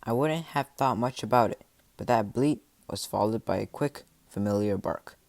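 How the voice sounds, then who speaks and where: A man reading a first-person adventure story aloud, with dramatic delivery and voiced shouts and animal sounds. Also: fairly low pitch, normal speed, vocal fry, dry recording. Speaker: audiobook narrator.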